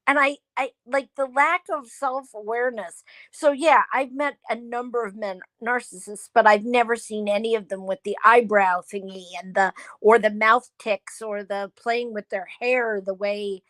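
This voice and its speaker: Animated woman telling stories, dry sound. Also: fairly high pitch, moderate pace, few pauses, dry recording. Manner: animated storyteller, acts out quoted dialogue. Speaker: host. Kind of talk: casual chat.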